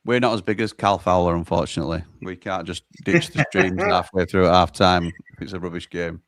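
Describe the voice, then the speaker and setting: A man's voice: low voice, fairly even intonation, brisk, fairly bright tone, no echo, clean studio sound. A man hosting a casual football watchalong, reading out viewer comments with wry remarks. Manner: reads out chat messages, chatty and wry.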